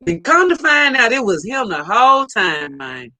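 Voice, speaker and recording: A woman's voice: fairly high pitch, big pitch swings, normal speed, bright, forceful tone. A middle-aged woman, animatedly telling a story in casual chat with playful teasing. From United States. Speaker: co-host.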